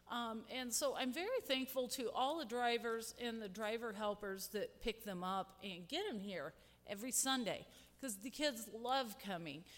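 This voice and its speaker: Woman volunteer at the pulpit, slightly high voice, long hall echo, heartfelt and halting. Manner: heartfelt, rambling, many fillers. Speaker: church ministry volunteer. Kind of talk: speaking to a church congregation. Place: large church hall. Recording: long hall reverb, from a distance.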